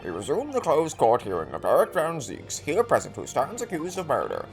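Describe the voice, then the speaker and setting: A formal older judge speaks in quiet, measured tones, read by a man. His pitch still moves a lot as he runs the game's court. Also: wildly swooping pitch, vocal fry, faint music behind, exaggerated voice.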